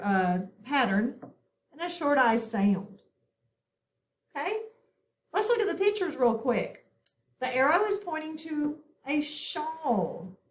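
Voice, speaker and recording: Slow, patient woman teaching phonics. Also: on the high side, echoey room. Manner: patient, step-by-step instruction with frequent "okay?" check-ins. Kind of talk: online phonics lesson.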